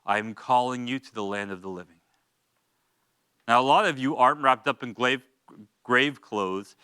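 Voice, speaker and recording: Bright, clear-voiced man preaching. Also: medium pitch, moderate pace, no echo, studio quality. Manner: earnest, informal asides and exhortations. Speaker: Bible study teacher. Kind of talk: expository Bible teaching with exhortation. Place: church.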